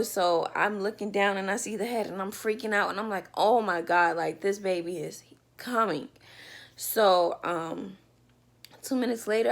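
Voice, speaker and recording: A woman telling a personal story in a casual storytime vlog from her bedroom, talking loosely with lots of fillers. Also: medium pitch. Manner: chatty, loose, with many fillers. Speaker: vlogger telling a birth story.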